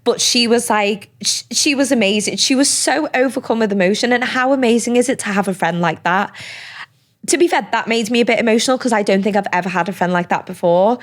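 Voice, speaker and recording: A young woman, a podcast guest talking casually and animatedly, with quick asides and lots of fillers. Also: a little high. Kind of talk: casual conversational interview.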